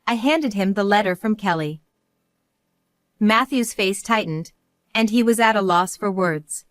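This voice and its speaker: A middle-aged woman reading a first-person story in a calm, measured, resolute way. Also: mid-range voice, no echo, clean studio sound. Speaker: narrator.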